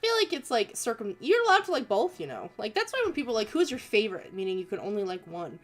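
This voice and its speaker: A woman's voice: on the high side, big pitch swings, quick pace. A young woman hosting an art livestream, chatting casually and giggling as she reads viewer messages aloud. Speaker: art streamer reading viewer submissions.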